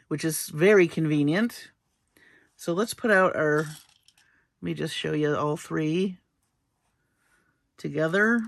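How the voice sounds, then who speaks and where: In clean studio sound with no room ambience, a low-pitched woman hosts a casual jewelry-making tutorial. She works through each step in a chatty, playful way, letting out small laughs.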